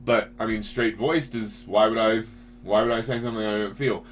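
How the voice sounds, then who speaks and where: Animated man chatting on a stream. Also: fairly low pitch, moderate pace. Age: adult parent. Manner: animated, self-interrupting, frequent restarts. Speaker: video host and commentator. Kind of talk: casual livestream commentary.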